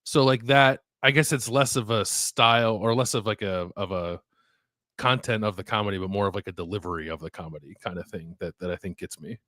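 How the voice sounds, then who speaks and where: A podcast co-host with a fairly low voice chats casually at a brisk clip, rambling with plenty of "like" and "uh" and softly trailing off at the end of thoughts. The studio-quality recording has no room sound.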